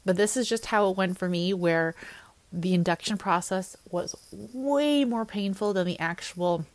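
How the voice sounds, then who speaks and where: A woman's voice: medium pitch, a little slow. A young woman candidly telling her personal story in a casual, conversational way, with plenty of fillers. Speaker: fitness coach. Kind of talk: personal birth story vlog.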